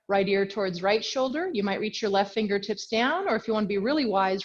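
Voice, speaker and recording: A woman's voice: mid-range voice, dull audio. A woman teaching a yoga class over a video call, talking in a chatty, self-correcting way and a little out of breath as she does the moves with the class. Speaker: yoga instructor. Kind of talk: guided yoga class cues. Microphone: video call mic.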